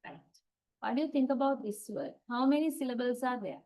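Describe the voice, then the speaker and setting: A woman's voice: high-pitched, a little fast, dark tone, poor audio. A woman giving an online university lecture, explaining step by step and often checking with "right?".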